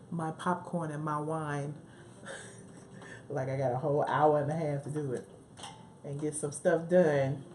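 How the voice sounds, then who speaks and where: A woman's voice: low voice, a little mellow, a little hiss or hum. Chatty Southern woman hosting a live stream. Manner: chatty, laughs often, talks back to live chat. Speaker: livestream host. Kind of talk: casual live-stream chat. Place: home office.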